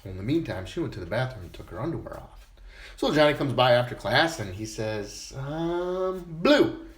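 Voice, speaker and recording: Casual male joke teller, animated pitch, roomy sound. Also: a little fast. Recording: echoey room.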